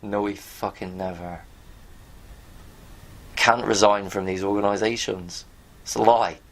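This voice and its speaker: A man's voice: on the low side, steady tone, measured pace, crowd noise. A man giving rambling, blunt commentary to his viewers as he reads from pages on screen, now and then swearing. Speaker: video host. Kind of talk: casual commentary while reading from pages on screen.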